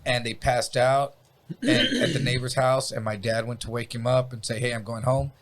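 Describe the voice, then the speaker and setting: A man's voice: mid-range voice, moderate pace. A man casually telling a story on a podcast, swearing freely and acting out sounds. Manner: profane, animated, acts out sounds. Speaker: podcast guest.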